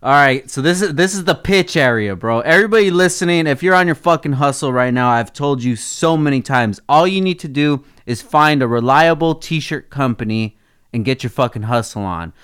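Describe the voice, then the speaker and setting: A man's voice: mid-range voice, expressive, moderate pace, fairly bright tone, smooth. A young man hosting a podcast in casual chat, laid-back and full of swearing, talking straight to his listeners. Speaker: podcast host.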